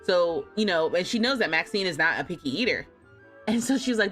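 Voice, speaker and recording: Woman in her 30s, game streamer, chatty storyteller, bright and animated delivery, faint music under. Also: mid-range voice, fast. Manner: chatty storytelling, often laughing and mimicking her cat. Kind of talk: casual livestream chat.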